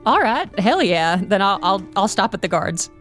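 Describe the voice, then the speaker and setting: A woman's voice: medium pitch, sing-song, moderate pace, fairly bright tone, faint music behind. A woman, playing a tabletop game in a chatty, laughing, playfully bluffing way. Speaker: player.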